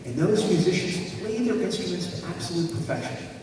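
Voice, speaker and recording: His voice is high-pitched, animated and fairly quick as he delivers a motivational talk, telling stories and questioning the crowd. The noisy recording comes from far back in an echoey hall.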